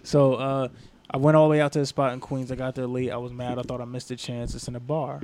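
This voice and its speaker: Animated young man telling a story. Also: mid-range voice, fast talker. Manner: animated storyteller, acts out quoted people. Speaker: comedian telling a story on a podcast. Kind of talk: casual storytelling chat.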